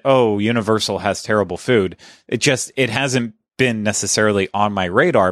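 A man with a fairly low voice hosts a podcast in a loose, chatty manner, often restarting his sentences. The sound is dry and close, with no room around it. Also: fairly bright tone, no room sound. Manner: conversational, self-correcting, chatty. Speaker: podcast host. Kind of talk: casual podcast chat.

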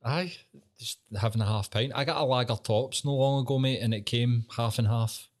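A man's voice: mid-range voice, moderate pace. A Scottish man chatting casually on a podcast, swearing freely and laughing easily. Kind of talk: casual chat.

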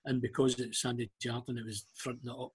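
A middle-aged Scottish man tells a long anecdote in a relaxed, chatty way, acting out the other people's lines as he goes. His voice is exceptionally smooth and clear at an ordinary male pitch. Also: quick pace. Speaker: guest. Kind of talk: casual storytelling.

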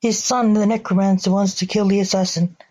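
A woman's voice: mid-range voice, steady tone, fairly quick, mellow, natural voice, poor audio. A woman voicing a blunt middle-aged father in her own plain reading voice.

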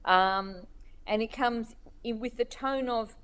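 A woman's voice: on the high side, slow pace, fairly bright tone, a little hiss or hum. Hesitant, thoughtful woman cartoonist. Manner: hesitant, many restarts and fillers, laughs while telling stories. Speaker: cartoonist and interview guest. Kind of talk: thoughtful interview conversation.

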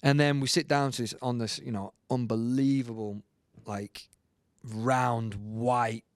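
Guy in his 30s spinning excited stories, chatty and laughy, dry close sound. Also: medium pitch, measured pace, no room sound. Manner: animated storyteller, laughing often, colloquial. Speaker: guest musician. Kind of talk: casual anecdote-telling.

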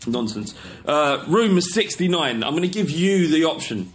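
A man's voice: fairly high pitch, expressive, moderate pace. A man co-hosting a football podcast, dry and playful as he runs the segments. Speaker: podcast co-host. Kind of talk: casual banter.

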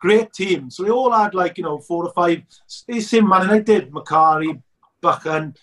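A Scottish documentary filmmaker with a high voice tells football stories at a moderate pace in a casual chat, laughing often. He's an animated storyteller, and the mic sounds distant.

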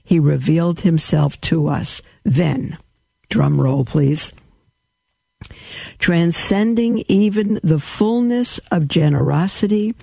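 A man hosting a radio show, slowly reading a religious text aloud with devotion and breaking off for chatty asides to his listeners. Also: on the high side, creaky, mellow, dry recording. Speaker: radio host.

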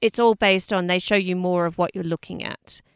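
A woman's voice: fairly low pitch, steady tone, moderate pace, clean tone, dry recording, studio quality. An Australian woman co-hosting a podcast in casual chat, chatty and laughing often, swearing freely. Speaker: podcast co-host.

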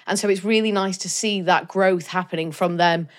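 A woman's voice: lowish voice, steady tone, moderate pace. Woman, Welsh accent, podcast co-host, casual film chat, enthusiastic. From Wales. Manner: chatty, enthusiastic storyteller.

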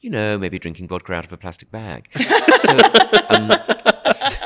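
A man's voice: deep voice, wildly swooping pitch, moderate pace, vocal fry, fairly bright tone. A man in his forties with a posh English accent, from Southeast London, chatting as a podcast guest and telling self-mocking stories. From Southeast London, England. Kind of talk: casual chat.

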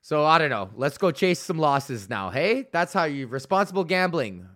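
Comedian guy ranting solo on his podcast, swears constantly, kinda high voice, just rambles. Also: sing-song, moderate pace, a bit bright. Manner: profane, rambling, loose and joking.

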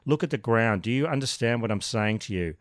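A man's voice: mid-range voice, expressive, brisk, no echo, studio quality, close to an everyday voice. A man voicing a profane, threatening young male thug in a true crime podcast retelling. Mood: menacing.

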